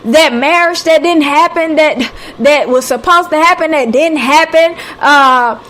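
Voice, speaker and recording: High-voiced encouraging Southern woman. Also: measured pace, fairly bright tone. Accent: Southern American. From Southern United States. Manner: encouraging, preacher-like, repeats phrases; casual, calls listeners honey and sweetie. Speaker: radio host. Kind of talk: live motivational talk. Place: home, live stream.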